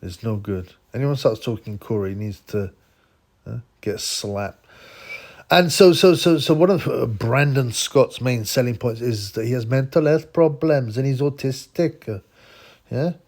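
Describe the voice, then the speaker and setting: A man's voice: medium pitch, measured pace, a little mellow. A man hosting a boxing channel, rambling through a casual commentary vlog, laughing often and sliding into a conspiratorial rant.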